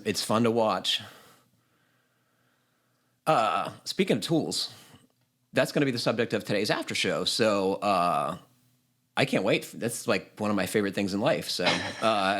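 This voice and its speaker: A man's voice: on the low side, fairly bright tone. A man hosting a home-building podcast, chatting easily, laughing often and reading a listener's email aloud. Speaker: podcast host.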